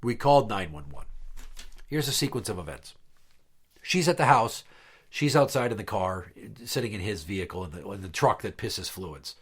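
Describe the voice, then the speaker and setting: A man's voice: fairly low pitch, expressive, moderate pace, husky. A man hosting a podcast, telling a long story in a blunt, profane, exasperated way. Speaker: podcast host. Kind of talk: casual storytelling chat.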